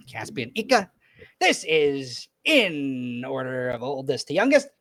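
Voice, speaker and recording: A man voicing a cheerful, proud badger father of seven in a tabletop game, greeting loudly in a raised voice. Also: medium pitch, takes it slowly, no room sound, exaggerated voice. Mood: bustling. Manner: excitable, loud greetings in a raised voice.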